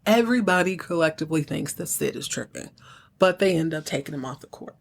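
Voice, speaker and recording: Woman, podcast host, casual recap, animated storyteller, acts out characters' lines. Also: low-pitched, fast, creaky.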